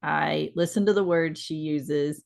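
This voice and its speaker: A woman with a lower voice co-hosts a casual talk show. She tells her stories in an easygoing, reflective way. Her tone stays gentle and reassuring. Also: a little slow, creaky. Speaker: podcast co-host. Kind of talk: casual conversational storytelling.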